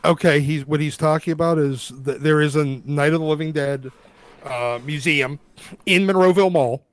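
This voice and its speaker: A man's voice: fairly high pitch, normal speed, dry recording. Emphatic ranting man, dry close mic. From Pittsburgh area. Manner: emphatic, ranting, profane asides. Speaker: show regular, commentator. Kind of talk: casual live-stream chat.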